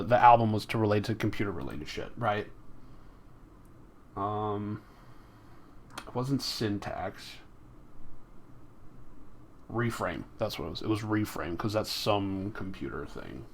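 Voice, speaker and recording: A man's voice: lowish voice, slight background noise. A man hosting his album release live stream, chatting casually with viewers, rambling and swearing freely into a close desktop mic.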